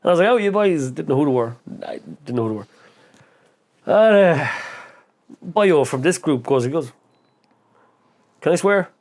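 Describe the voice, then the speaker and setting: Irish man, podcast guest, casual storytelling, lively, swears, mimics voices. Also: a little high, moderate pace. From Irish midlands. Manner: animated, acts out quoted voices, swears freely.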